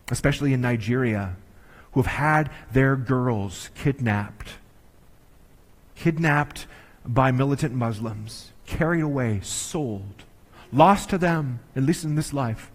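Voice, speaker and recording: Man preaching in a reverberant hall. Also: medium pitch. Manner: earnest, measured, with emphatic slowed phrases. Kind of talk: sermon. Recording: long reverb of a large hall.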